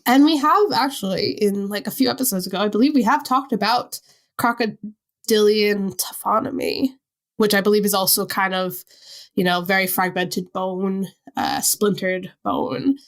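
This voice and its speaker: A woman with a Long Island New York accent, co-hosting a casual podcast chat in an animated, chatty way. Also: mid-range voice, normal speed. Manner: chatty, animated, laughs easily. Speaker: podcast co-host.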